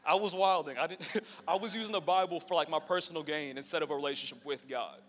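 A man's voice: a little high, quick pace, fairly bright tone. Young man sharing testimony in a church hall. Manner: casual, storytelling, joking with the crowd. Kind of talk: personal testimony to a live audience. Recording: long reverb in a church hall with faint music.

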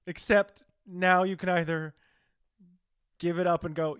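A man co-hosting a podcast in casual chat, teasing his friend with quick reactions. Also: a little high, steady tone, fairly bright tone, clean tone, dry recording, clean studio sound. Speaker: podcast co-host.

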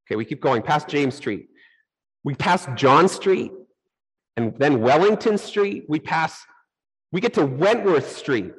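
A man's voice: on the high side, a little slow, slightly rough, rough recording. A middle-aged man preaching a sermon, telling personal stories and acting out his own reactions. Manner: animated storytelling, acts out his own reactions. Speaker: pastor.

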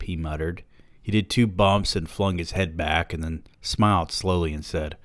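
Deep-voiced man reading a novel aloud. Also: flat delivery, moderate pace, dry recording. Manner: dry, profane, sardonic asides. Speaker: podcast host reading a novel.

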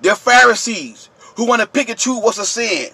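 A man rants to his viewers, preachy and repetitive. He yells in a high, bright voice. The recording is dry and close. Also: expressive, moderate pace, creaky, breathy edge, no echo. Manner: yelling, preachy, repetitive, addresses viewers directly. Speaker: channel host. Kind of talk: impassioned vlog rant.

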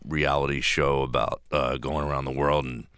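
Low, bright-voiced man telling stories. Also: level tone, normal speed, clear, resonant tone, no room sound, clean studio sound. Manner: storytelling, profane. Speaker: comedian. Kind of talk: casual podcast chat. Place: podcast studio.

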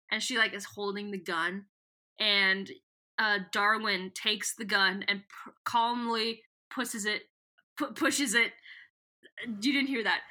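A woman hosting a podcast, recapping a book in playful, animated casual chat and slipping into character voices. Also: mid-range voice, slow. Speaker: podcast host.

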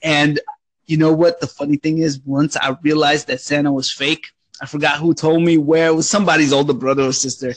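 A man's voice: on the high side, flat delivery, brisk, no room sound. An adult man telling childhood stories in casual, profane chat, acting out voices as he goes.

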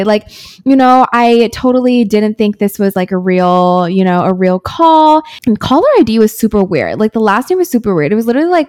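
A young woman in her twenties co-hosting a casual chat show, telling stories with animated quoted voices. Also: a little high, a little fast. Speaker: podcast co-host.

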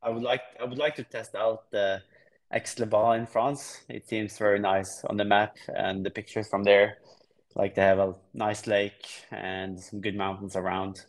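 Relaxed man from Norway, low voice. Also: moderate pace. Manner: relaxed, explains plainly with frequent restarts. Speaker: guest triathlete. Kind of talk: casual podcast interview.

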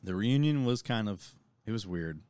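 A young man on a podcast, telling an animated story and quoting people as he goes. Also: lowish voice, normal speed, clear, resonant tone. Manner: animated storytelling, lots of swearing and quoting others. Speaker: podcast co-host. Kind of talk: casual chat.

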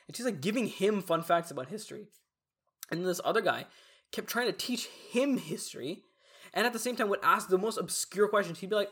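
A man's voice: sits high, lively intonation, quick pace, fairly bright tone, husky. A young man, a college student, chatting casually and mockingly retelling classmates' questions. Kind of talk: casual chat.

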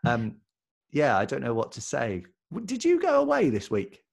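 A man's voice: mid-range voice, wildly swooping pitch, moderate pace, creaky. A young man, co-hosting a casual chat podcast with a dry, self-mocking humor. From England. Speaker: podcast co-host.

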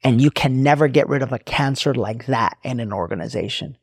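Gravelly-voiced man preaching motivation. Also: medium pitch, fairly quick, no room sound, studio quality. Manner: emphatic and preachy, repeats phrases. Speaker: podcast host. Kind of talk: motivational storytelling monologue.

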